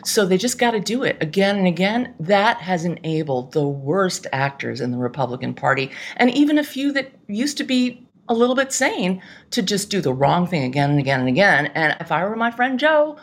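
Emphatic low-voiced woman, lively delivery. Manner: emphatic, exasperated, quick asides. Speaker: guest, political commentator. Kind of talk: casual political podcast chat.

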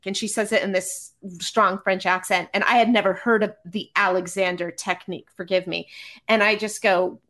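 A woman, a podcast guest, telling stories in a casual, animated, self-deprecating way with many restarts. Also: mid-range voice, normal speed. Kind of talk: casual storytelling.

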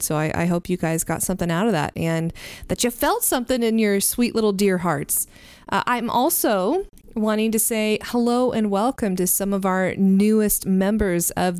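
Smooth-voiced woman game master. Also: mid-range voice, a little mellow, no echo. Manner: slow, descriptive storytelling. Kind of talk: narrating a tabletop game in second person.

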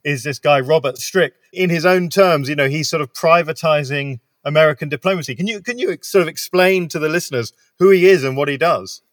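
A British man hosting an interview, asking thoughtful, measured questions. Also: on the high side, no echo, clean studio sound. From Britain. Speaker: interview host.

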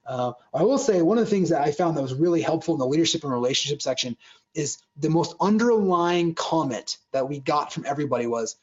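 Fast-talking man, motivational talk. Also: fairly high pitch, lively intonation. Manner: earnest, restarts sentences, acts out quoted dialogue. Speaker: speaker on joy at work. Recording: dull lo-fi sound.

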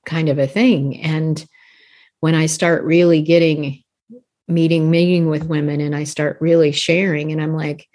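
A woman in her fifties talks about her coaching work in a relaxed podcast chat. Her voice sits a little low for a woman, and she speaks earnestly, breaking into light laughs between thoughts. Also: unhurried. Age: 50s. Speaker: life coach guest. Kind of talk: casual podcast interview.

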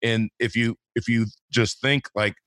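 A man's voice: medium pitch, steady tone, a little slow, fairly bright tone, dry recording. A man in his fifties hosting a podcast interview, talking in a rambling, easygoing way with lots of fillers and repeated words. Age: 50s. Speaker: podcast host. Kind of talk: casual interview chat.

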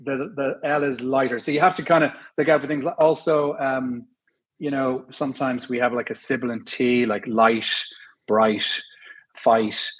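A man's voice: mid-range voice, steady tone, moderate pace, slightly rough. A middle-aged Irish man with a slightly mixed accent, chatting as a guest in an interview, laughing easily and explaining with examples. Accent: Irish, mixed with London and American. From Ireland. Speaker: actor, guest. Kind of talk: casual interview chat.

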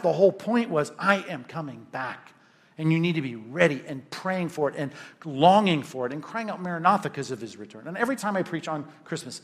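Emphatic preacher, a fairly high-voiced man. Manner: emphatic, conversational preaching with rhetorical "right?". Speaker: pastor. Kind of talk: sermon.

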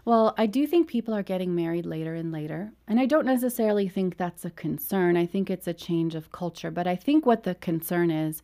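A woman who is a counselor, a guest in an interview, telling stories and giving measured advice. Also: lowish voice, lively intonation, warm tone. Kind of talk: conversational interview.

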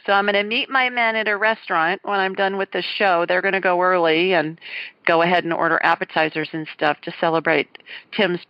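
A woman's voice: on the low side, dry recording. A middle-aged woman, hosting a call-in show and chatting enthusiastically about her week. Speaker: host. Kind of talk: casual chat. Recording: dull lo-fi sound.

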